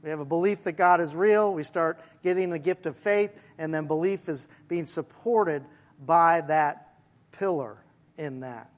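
A male pastor, his voice on the high side, preaches in a chatty style, addressing the congregation in asides and slowing down to underline key phrases.

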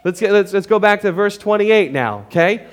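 A man's voice: sits high, lively intonation, normal speed. Man preaching with emphatic, chatty energy. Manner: emphatic, conversational preaching with frequent "okay?" check-ins. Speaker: pastor. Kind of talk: sermon. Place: church in front of a congregation.

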